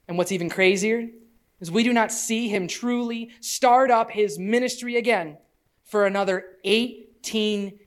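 A woman teaching a conversational Bible lesson as a parent, animated and lively, acting out the people she quotes. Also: lowish voice. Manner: parent speaking from family life.

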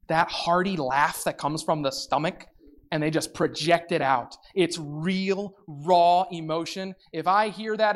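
Expressive preacher delivering a lively sermon. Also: mid-range voice. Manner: expressive, swings from soft reflection to loud exclamations; reads scripture slowly and deliberately.

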